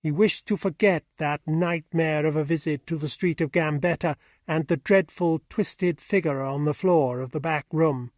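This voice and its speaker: A man narrating an audiobook with steady, even storytelling on a close mic. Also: fairly high pitch, normal speed, few pauses, no room sound. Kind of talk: scripted narration.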